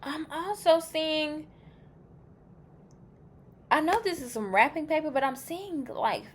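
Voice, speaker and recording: A woman reads tarot cards in a loose, chatty way, cracking jokes and swearing as she reacts to each card. Her voice sits fairly high, and she draws out her words at an unhurried, very slow pace. A faint hiss of noise runs underneath. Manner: chatty and blunt, swears freely, jokes with the viewer. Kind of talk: casual pick-a-card tarot reading.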